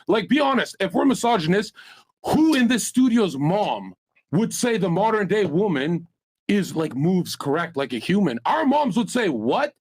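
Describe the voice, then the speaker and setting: A man's voice: high voice, big pitch swings, moderate pace, a little mellow, husky. A man on a debate panel, telling crude stories in a brash, profane way. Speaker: panel guest. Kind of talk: heated panel banter.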